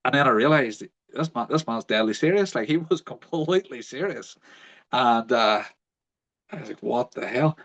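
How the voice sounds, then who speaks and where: Speaking at medium pitch and a moderate pace, a man hosts a podcast and relays a story in casual conversation. He animatedly performs the voices of people he quotes, and the audio is dull and lo-fi.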